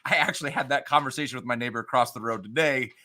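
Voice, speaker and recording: A man on a podcast panel telling an anecdote in a lively way, acting out quotes. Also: medium pitch, quick pace. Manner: lively, acts out quoted dialogue. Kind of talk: casual panel talk.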